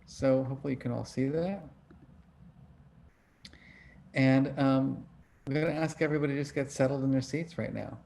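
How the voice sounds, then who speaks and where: A man's voice: medium pitch, fast, gravelly, mellow. A middle-aged man hosting an online book club over a video call, teaching in a casual, conversational way and asking his audience questions. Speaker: book club host and emotion researcher.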